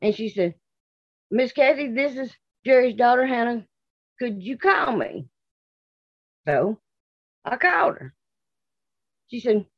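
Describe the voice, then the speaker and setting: A woman's voice: on the high side, big pitch swings, slow, pauses often, dry recording, lo-fi sound. A woman with a Southern US accent from Mississippi, bluntly and indignantly recounting her daughter's disappearance in an interview, repeating herself. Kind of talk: emotional interview testimony.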